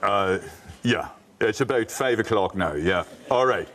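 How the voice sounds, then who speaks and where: A man's voice: expressive, fairly bright tone. A man doing a breezy phone-call bomber. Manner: offhand, chatty, low and unhurried. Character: breezy, polite male bomber phoning a warning.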